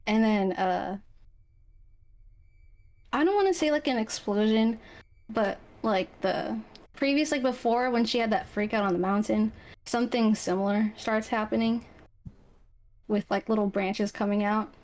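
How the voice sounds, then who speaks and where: A chatty woman with a slightly high voice, narrating her character's actions in a casual tabletop game. She rambles through "like" and "um" as she talks and laughs easily. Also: measured pace, long pauses, a little mellow. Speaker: player. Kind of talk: casual tabletop role-play.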